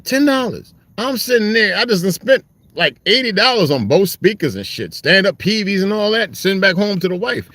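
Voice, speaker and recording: Man, rambling profane storyteller, lively swooping pitch, slightly high voice. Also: moderate pace, few pauses, no room sound. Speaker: host reading aloud and commenting. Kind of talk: casual storytelling monologue.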